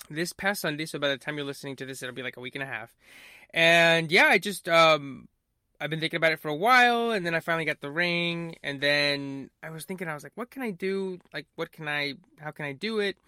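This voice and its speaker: A man's voice: on the high side, moderate pace, bright, forceful tone, clean tone, no echo, studio quality. A young man hosting a podcast, telling a long story casually with lots of fillers and acted-out quotes. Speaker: podcast host.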